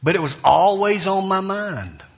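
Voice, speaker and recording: A man from Alabama, a pastor preaching a sermon in church, telling folksy stories with soft laughs and sudden preacherly lifts. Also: high-pitched, lively intonation, measured pace, vocal fry.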